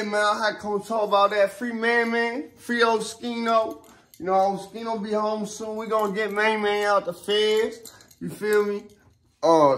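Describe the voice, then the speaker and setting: Young guy with a high voice going off on a rambling rant, lots of cussing and slang, gets worked up. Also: fairly bright tone. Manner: rambling, profane street slang, lots of restarts and fillers; heated and emphatic when riled up. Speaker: vlogger. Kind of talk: casual ranting commentary to camera.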